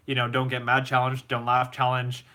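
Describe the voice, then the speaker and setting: A man's voice: mid-range voice, completely flat delivery, moderate pace, sharp tone. A man hosting a live stream Q&A, giving casual advice and reading chat messages aloud, rambling with fillers and repeated words. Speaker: host.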